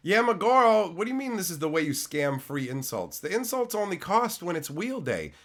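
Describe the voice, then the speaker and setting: Middle-aged male streamer, sick and hoarse, profane, animated roast delivery, sits a bit high. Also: a little fast, background noise. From Canada. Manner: loud profane mock-insulting of chat. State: sick, losing his voice. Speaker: card-opening streamer. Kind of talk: live stream banter with chat.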